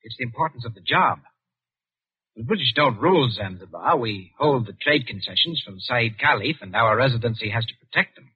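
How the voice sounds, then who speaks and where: A young, self-important colonial official. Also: male voice, mid-range voice, lively intonation, fairly quick, husky, no echo. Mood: confiding. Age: young adult. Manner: confiding, self-important, chuckling evasions. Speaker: British residency official. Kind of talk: 1940s radio acting. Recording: tinny, phone-like 1940s radio broadcast.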